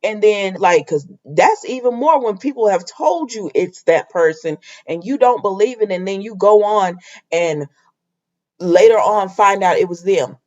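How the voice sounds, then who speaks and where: A woman's voice: medium pitch, animated, unhurried, darkish tone. Chatty woman recapping, lo-fi audio. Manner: chatty, talks straight to viewers and characters. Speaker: soap opera recap vlogger. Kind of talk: casual chat.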